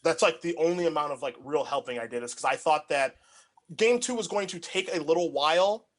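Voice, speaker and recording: Young man, casual chat, rambling, filler-heavy, slightly high-pitched. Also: a little fast. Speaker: podcast co-host.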